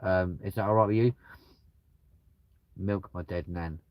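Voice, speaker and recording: Crude joking man, lowish voice. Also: fairly even intonation, unhurried, dry recording, dull audio. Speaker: livestreamer reading out chat. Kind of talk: casual chat. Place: at home with dogs nearby.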